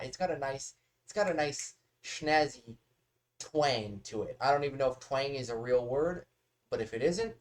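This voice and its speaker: Guy rambling thru a reaction vid, swears a lot, mid pitched voice. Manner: rambling, talkative, swears casually. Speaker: reaction video host. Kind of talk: casual reaction commentary.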